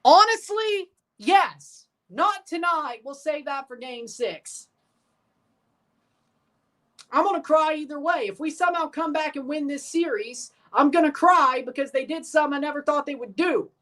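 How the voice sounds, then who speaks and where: A woman streaming a sports watchalong, ranting with profanity and sarcasm and bursting into shouts. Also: high-pitched, normal speed. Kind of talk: live sports reaction rant.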